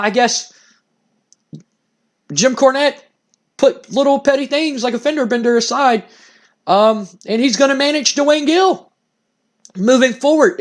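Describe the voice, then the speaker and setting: Male let's-play host, casual rambling commentary, thinks aloud. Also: very high voice.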